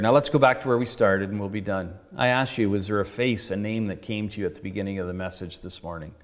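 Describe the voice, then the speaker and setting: A man's voice: lowish voice, lively intonation, fairly quick, few pauses. A male pastor tells a story in his sermon, earnest and conversational, acting out the dialogue. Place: church sanctuary. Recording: reverberant church hall.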